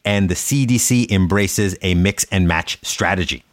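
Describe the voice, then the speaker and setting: A man's voice: deep voice, normal speed, no echo, studio quality. A male doctor co-hosting a podcast, explaining in an easygoing way. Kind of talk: casual chat.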